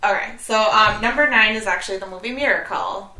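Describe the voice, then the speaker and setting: A woman's voice: mid-range voice, fairly quick, pushed and bright. A woman co-hosting a casual chat about movies, talking in a chatty way full of "like" fillers. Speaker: podcast co-host. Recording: echoey room.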